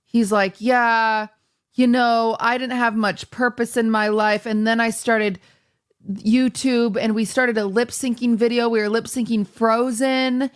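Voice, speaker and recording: A woman's voice: on the high side, unhurried, smooth. A woman hosting a podcast in casual chat, telling stories with animation and acting out the quotes. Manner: animated storyteller, acts out quotes. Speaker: streamer and podcast host.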